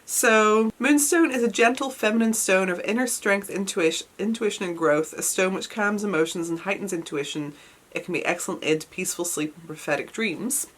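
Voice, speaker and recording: A British woman vlogging an unboxing in an excitable, gushing manner, her voice worn from a recent cold. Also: medium pitch, a little fast. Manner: excitable and gushing, frequent oohs and squeals. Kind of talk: unboxing vlog chat.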